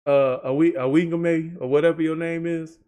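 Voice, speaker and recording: A man's voice: on the high side, fairly even intonation, normal speed, dark tone, clean tone. A man hosting a reaction video, talking in casual, joking commentary with rambling asides.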